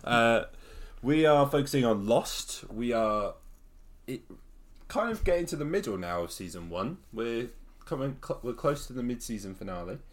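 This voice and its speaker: A man's voice: mid-range voice, animated, moderate pace. A man co-hosting a podcast, casual and teasing, laughing a lot and swearing now and then. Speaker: podcast co-host. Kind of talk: casual chat.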